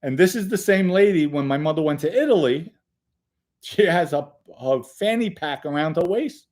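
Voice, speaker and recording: A man's voice: a little high, lively intonation, moderate pace, darkish tone. A middle-aged man hosting his own channel, telling family stories in a casual, rambling solo monologue and swearing now and then. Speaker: channel host.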